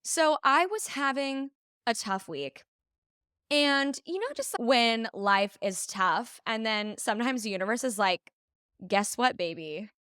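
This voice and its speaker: Woman, twenties, podcast co-host; lively storyteller, higher voice, acts out every quote. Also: a little slow, smooth, dry recording, studio quality. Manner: animated storyteller, acts out quotes, laughs often. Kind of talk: casual chat, storytelling.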